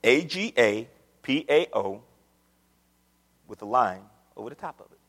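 A man preaching a sermon in a church with a folksy manner, his pitch leaping up on questions. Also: animated, a little slow, a bit bright, breathy edge, in a large hall. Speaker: pastor. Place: church sanctuary. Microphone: microphone on a stand.

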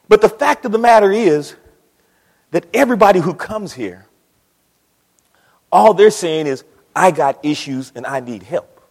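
A man preaches in a church, his husky voice pitched high and leaping all over the place. He drops to a near whisper, then climbs to a shout. The sound carries a long hall reverb. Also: expressive, measured pace, long pauses. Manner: dramatic, swings between hushed and shouting. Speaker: pastor. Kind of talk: sermon.

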